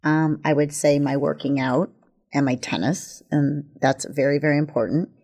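A woman's voice: low-pitched, steady tone, normal speed, a little mellow, slightly rough. A woman guest speaking plainly in a casual group conversation.

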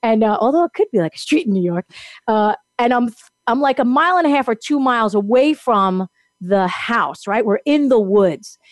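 A woman telling a long personal story in casual chat, animated and laughing often as she acts out what people said. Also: a little high, moderate pace, no room sound, clean studio sound. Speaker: guest.

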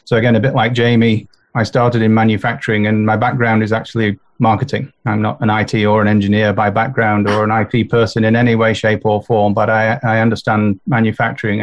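A man introducing himself on a business podcast panel, in a self-deprecating, halting way. His voice is low, flat and gravelly, with lots of fry. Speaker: podcast guest.

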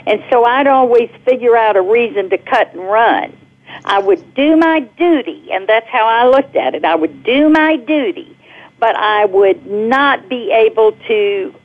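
A middle-aged woman calling in to a radio talk show, telling a personal story with animated energy and laughing as she goes. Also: mid-range voice. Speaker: caller guest. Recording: tinny phone line.

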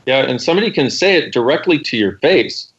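A man's voice: on the high side, animated, fairly quick, a bit bright. Guy cohosting a call-in show, tells stories and does the voices, kinda dull audio. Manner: storytelling, acts out quotes. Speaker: co-host.

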